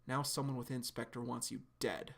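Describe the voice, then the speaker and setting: A man voicing a calm, composed young woman who speaks in a measured way. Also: medium pitch, gravelly. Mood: cool.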